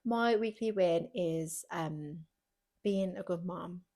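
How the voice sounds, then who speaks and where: A woman's voice: on the low side, takes it slowly, warm tone. A woman co-hosting a podcast, talking in a casual, emotional way with repeated words and swearing. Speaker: podcast co-host. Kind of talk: casual chat.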